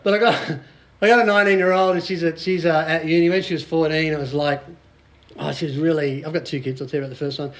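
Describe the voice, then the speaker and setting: High-voiced joking Australian man. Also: steady tone, fast, a bit bright. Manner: jokey, storytelling, laughs often. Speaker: motivational speaker. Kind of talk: live talk to a small audience.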